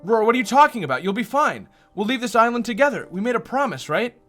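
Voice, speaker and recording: A man voicing a devoted, anxious young woman who pleads in a high, strained voice. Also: sing-song, fast talker, a bit bright, faint music behind, heavily acted. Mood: pleading.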